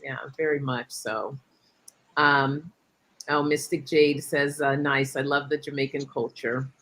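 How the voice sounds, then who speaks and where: A woman's voice: very deep voice, fairly even intonation, measured pace, a bit bright, a little hiss or hum. A middle-aged woman hosting a casual live-stream chat, affirming her guest and reading viewer comments aloud. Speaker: host.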